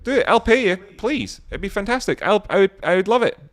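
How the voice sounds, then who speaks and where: A man's voice: sits high, sing-song, brisk, no room sound. Man, livestream host, casual, rambling and joking, reads chat aloud, dry sound.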